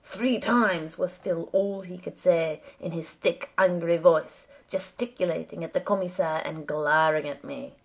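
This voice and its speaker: A woman narrating a story as an audiobook reader, with measured storytelling and lively quoted voices. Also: lowish voice, gravelly, husky.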